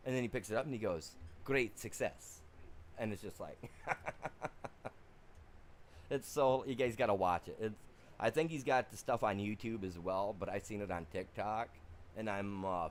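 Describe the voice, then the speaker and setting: Rambling, chuckling streamer guy, slightly low voice. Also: slight background noise. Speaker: game streamer. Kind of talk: casual chat during a livestream.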